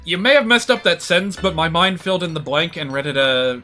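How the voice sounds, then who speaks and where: A man's voice: fairly high pitch, brisk, bright, forceful tone, faint music behind. A man giving casual, joking commentary while streaming a video game. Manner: chatty, joking asides with laughs.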